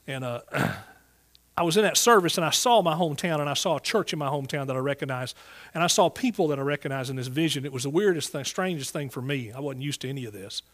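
Speaking to a church congregation during a service, a man with a Southern US accent gives a sermon testimony about his calling as a Bible teacher, folksy and earnest, with restarts. His voice is fairly high and a bit bright, and he talks quickly.

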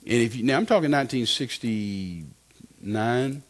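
An older man from West Texas, preaching and telling his testimony as a lively story, often repeating phrases. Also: medium pitch, unhurried. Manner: animated storytelling, repeats phrases, acts out quotes. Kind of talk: sermon testimony.

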